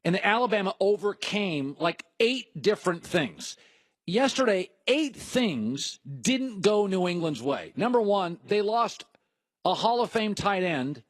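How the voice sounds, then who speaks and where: A man's voice: sits high, big pitch swings, unhurried, no room sound. A man hosting a sports talk show, arguing emphatically and mocking the other side as he rattles off lists. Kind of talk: heated sports debate.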